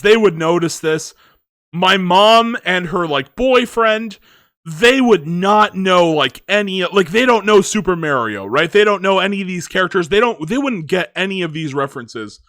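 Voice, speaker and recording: High, bright-voiced man rambling a review. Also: expressive, normal speed, no echo, clean studio sound. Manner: rambling, lots of filler words. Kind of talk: casual movie review chat.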